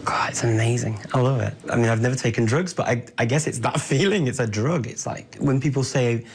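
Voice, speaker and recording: A man being interviewed, answering in lively, chatty, casual talk and laughing easily. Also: medium pitch, a little fast, breathy edge. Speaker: interviewee, polyglot. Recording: background music under voice.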